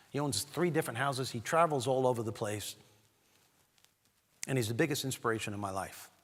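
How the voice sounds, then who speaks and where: A man giving a motivational keynote speech, animated and talking straight to the audience as he tells a story. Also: medium pitch. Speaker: keynote speaker. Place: large event hall. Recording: long hall reverb.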